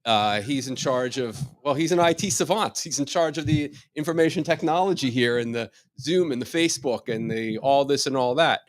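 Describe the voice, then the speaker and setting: A middle-aged man leads a wellness workshop, chatting and joking with his audience and firing off rhetorical questions. He often repeats his first words before getting a sentence going. His voice sits at an ordinary pitch and sounds close and dry, with no room echo. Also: normal speed, hardly any pauses. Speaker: chiropractor leading a wellness workshop. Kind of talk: informal live workshop talk.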